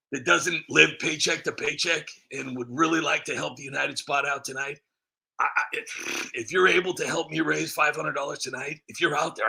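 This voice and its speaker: A man's voice: fairly high pitch, vocal fry, pushed and bright. A man on his own comedy channel, rambling through a self-mocking comic rant.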